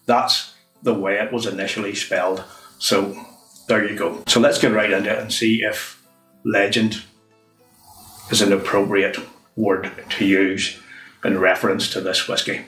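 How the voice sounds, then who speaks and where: A man reviewing a whisky in a chatty, unhurried way. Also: fairly low pitch, a bit bright, distant mic. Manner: chatty, unhurried, says "wee" often. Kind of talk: casual review monologue. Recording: roomy, from off the mic, faint music.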